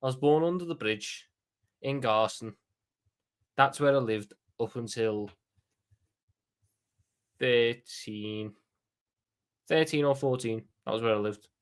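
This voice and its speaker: A man's voice: medium pitch, slow, pauses often, clean tone. A man from Liverpool with a Scouse accent, chatting casually and animatedly as host of a live watchalong stream, often swearing and repeating words. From Liverpool, England.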